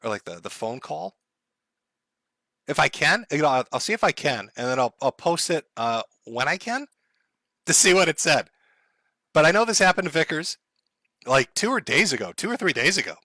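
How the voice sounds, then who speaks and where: A man's voice: fairly high pitch, sing-song, moderate pace, long pauses, bright, forceful tone, dry recording, studio quality. A man streaming live in casual chat, sarcastic and profane, laughing often as he talks to his chat.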